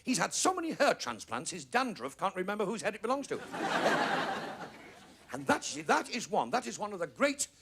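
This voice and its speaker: A man's voice: high-pitched, wildly swooping pitch, vocal fry. A man with a Northern English accent performing a stand-up comedy routine as a guest, firing off gags with exaggerated comic asides. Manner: rapid-fire gag telling, exaggerated comic asides. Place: TV studio with live audience. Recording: noisy studio with roaring audience.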